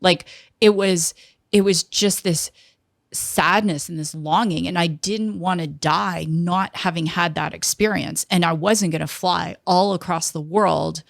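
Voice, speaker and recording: A middle-aged woman telling an animated personal story in an interview, acting out the people she quotes. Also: lowish voice, a little slow, creaky, dry recording, clean studio sound. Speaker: guest, entrepreneur.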